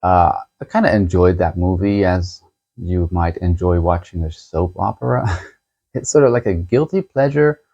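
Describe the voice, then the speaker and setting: A man hosting a book channel, chatting casually as he shows a book set and reviews a novel, unhurried and chuckling as he thinks aloud. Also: low voice, mellow, dull audio.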